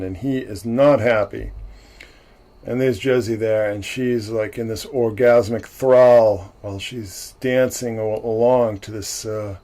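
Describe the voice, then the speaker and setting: A man's voice: mid-range voice, warm tone. A man hosting a livestream, recapping a film in a casual, rambling way with many restarts and frequent chuckles. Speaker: livestream host. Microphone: livestream mic.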